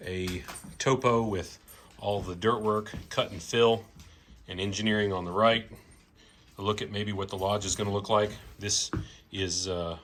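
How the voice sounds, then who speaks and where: A man talking casually as a vlogger, easygoing and chatty, often pausing with "uh". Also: lowish voice, fairly even intonation, a bit bright, a little hiss or hum. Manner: easygoing, chatty, with frequent "uh" pauses. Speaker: vlogger and property owner. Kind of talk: casual vlog narration.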